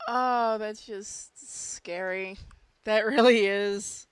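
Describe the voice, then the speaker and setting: Woman, average pitch, blunt and crude, casual chat, dry sound. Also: fairly even intonation, drawn-out words, clean tone, no echo. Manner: blunt, crude, laughing asides.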